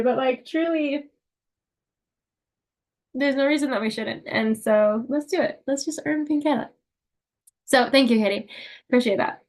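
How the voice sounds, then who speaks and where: A woman's voice: high voice, unhurried, long pauses. Upbeat woman leading a video call. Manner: upbeat, emotional pep talk with many fillers. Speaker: sales unit leader. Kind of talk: video call team meeting.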